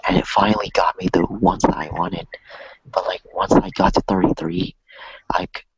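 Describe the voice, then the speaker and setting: A man in a casual podcast conversation, speaking softly and often half-whispered. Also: low voice, steady tone, moderate pace, creaky, lo-fi sound.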